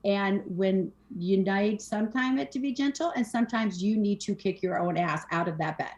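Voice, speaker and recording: A woman's voice: mid-range voice, normal speed, a little mellow. A woman in her forties, a podcast guest, talking candidly and emphatically in long run-on sentences and swearing casually. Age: 40s. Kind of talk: candid conversational storytelling. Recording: roomy echoey room.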